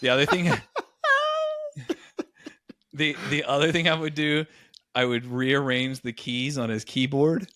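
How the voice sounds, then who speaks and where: A man co-hosting a podcast in loose, casual chat. His voice sits at an ordinary middle pitch and the recording is dry and close, with no room around it. He tells stories with lively impressions of other people. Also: unhurried, long pauses, no room sound. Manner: animated storyteller, acts out quoted voices. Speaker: podcast co-host.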